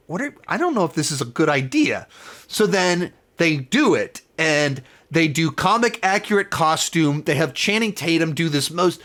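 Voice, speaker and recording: Man, fairly high voice, casual review host, enthusiastic, rambling, self-correcting. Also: big pitch swings, moderate pace, fairly bright tone. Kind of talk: casual spoiler review talk.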